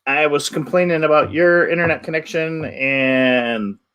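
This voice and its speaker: A man from the United States co-hosting a live stream, reading viewer comments in a dry, low-key way. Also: steady tone, measured pace, fairly bright tone, clean tone. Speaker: co-host reading chat comments.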